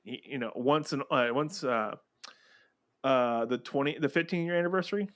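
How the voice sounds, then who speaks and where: A man's voice: mid-range voice, normal speed, a bit bright. A man talking casually on a fan podcast, rambling with many restarts.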